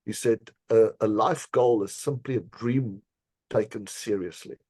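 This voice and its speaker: A man being interviewed on a podcast, telling a personal story in an earnest, measured way, with frequent fillers and small laughs. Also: on the low side, mellow, breathy edge, no room sound. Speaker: podcast guest, decision scientist.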